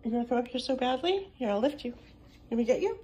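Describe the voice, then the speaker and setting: A woman filming at home by a window, exclaiming excitedly, cooing baby talk and dropping into whispers. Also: a little high, quick pace, noisy background. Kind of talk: casual home video commentary.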